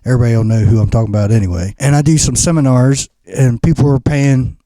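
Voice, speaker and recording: A man's voice: mid-range voice, fairly even intonation, quick pace, dark tone, dry recording. A middle-aged man, a pro wrestler and trainer, ranting bluntly and profanely in a podcast interview.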